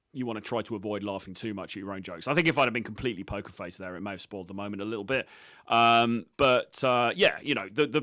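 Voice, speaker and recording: A man's voice: fairly low pitch, pushed and bright, no echo, clean studio sound. A man coaching on dating, commenting on his own footage in a blunt, cocky, profane way with many fillers.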